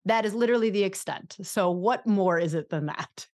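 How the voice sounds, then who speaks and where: A chatty American woman hosts a podcast in a bubbly, self-deprecating manner. Her voice sits at a middle pitch for a woman, and she talks loosely and warmly with her guest. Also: moderate pace. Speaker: podcast host. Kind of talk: casual podcast chat and spoken prayer.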